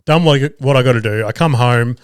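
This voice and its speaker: A man's voice: medium pitch, fairly quick, no room sound, clean studio sound. An Australian man hosting a podcast, telling a family story in a casual, profane, laughing way. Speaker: podcast host; father of two young boys.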